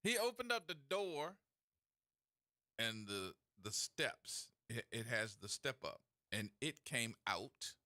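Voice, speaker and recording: A man hosting a call-in radio talk show, telling stories in a folksy, animated way. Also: medium pitch, slow, no room sound, studio quality. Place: radio studio. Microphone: studio mic.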